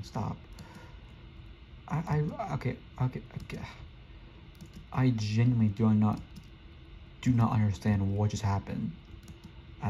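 A man's voice: medium pitch, warm tone. Young man rambling through a frustrating game. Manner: rambling, frustrated, self-talking. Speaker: gaming streamer. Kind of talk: casual gameplay commentary. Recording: dull lo-fi mic with faint hiss.

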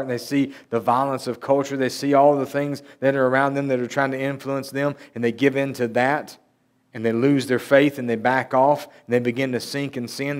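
A man preaching at a church service. He talks in an earnest, conversational way and lifts his voice when he reads scripture aloud. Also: mid-range voice. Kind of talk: sermon with Bible reading.

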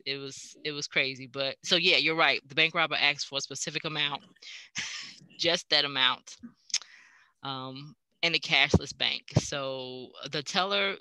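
A woman's voice: low-pitched, dry recording. A woman librarian chatting casually about a book, retelling scenes and acting out quoted lines. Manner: animated, acts out quoted lines. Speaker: librarian co-host.

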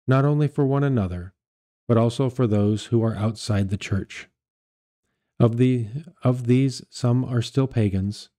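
Male liturgical reader, low and very warm in tone; measured, unhurried delivery of scripture readings. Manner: measured, steady reading with small self-corrections. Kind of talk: reading aloud of scripture and patristic texts.

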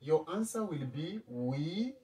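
Male language teacher, slow deliberate repetition, a little distant from the mic. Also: fairly high pitch, animated, a little mellow. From East Africa. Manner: slow, repeats words for learners to echo. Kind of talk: spoken language lesson.

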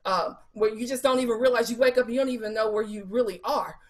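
At a Bible study, a female evangelist delivers a lively sermon fast and in a fairly high pitch. She quotes scripture, poses rhetorical questions to the group, and keeps her language casual and colloquial, with plenty of fillers.

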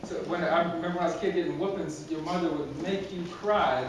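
In a church sanctuary, a man with a fairly high voice preaches a fast, conversational, humorous sermon, repeating words and chuckling at his own jokes. The recording comes from far off in a very echoey hall, with background noise.

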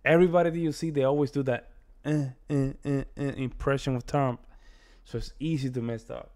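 American man, reaction video host, casual rambling commentary, lots of fillers, mid-pitched voice. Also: steady tone, fairly quick, a little mellow. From United States. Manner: rambling, repeats himself, many fillers.

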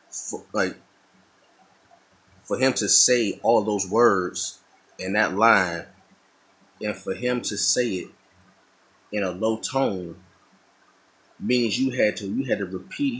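This low-quality recording captures a middle-aged man, an artist, chatting to himself as he draws. He speaks casually and reflectively, often circling back and restarting phrases, in a lowish, slightly bright voice.

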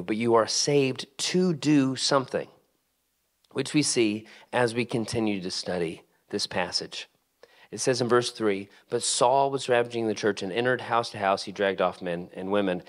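A young adult man, a pastor, giving a sermon in a conversational, animated way with rhetorical questions, in a church. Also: medium pitch. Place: church sanctuary.

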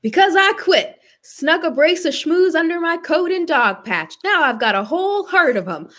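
A woman's voice: very high voice, lively intonation, normal speed, fairly bright tone. A woman voicing a poor rural laborer in a put-on Arkansas accent, reading comic lines with a folksy drawl. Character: poor rural man, a plain-spoken laborer.

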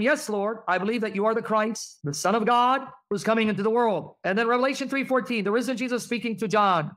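A man's voice: very high voice, a bit bright. A man teaching Christian apologetics, reading verses aloud and pressing the audience with rhetorical questions.

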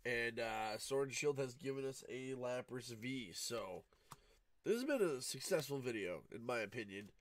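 A man hosting a card-opening video, talking in a sleepy, low-key, fairly monotone way, groggy from just waking up. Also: moderate pace, slight background noise. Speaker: card-opening channel host. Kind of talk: casual pack-opening commentary. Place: home room at night, cat nearby.

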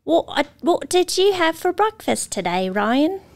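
A woman's voice: high-pitched, very animated, measured pace, pitched above the performer's own voice, full character voice. A woman putting on a British accent to play a prim, fussy lady interviewer, speaking theatrically in a podcast studio. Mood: prim, fussing. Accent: put-on British. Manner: theatrical, fussing over the listener.

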